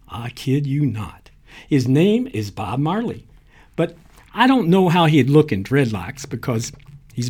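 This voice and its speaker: A man narrating a short story aloud in a lively storytelling manner, giving the characters their lines. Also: mid-range voice, breathy edge. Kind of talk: reading short fiction aloud.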